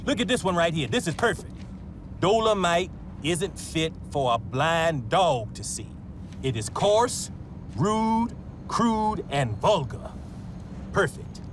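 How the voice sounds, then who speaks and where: An actor playing a brash, boastful man who scoffs at critics, talking with loud, animated swagger in a film scene. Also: a little high, slow pace. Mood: gleeful. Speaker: film character, a comedian-producer. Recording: film clip with loud street noise.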